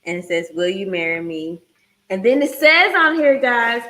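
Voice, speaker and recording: A woman in her thirties co-hosting a casual livestream chat, telling a story in a lively, teasing way and acting out quotes. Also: medium pitch, normal speed, soft background music. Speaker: co-host, fiancée.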